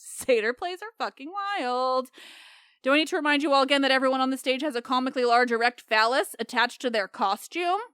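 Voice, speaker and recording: A woman's voice: high-pitched, brisk, a bit bright, clean tone, dry recording, studio quality. A woman hosting a podcast, retelling myths in a chatty, irreverent way that breaks into laughter. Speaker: podcast host. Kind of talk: comic myth retelling.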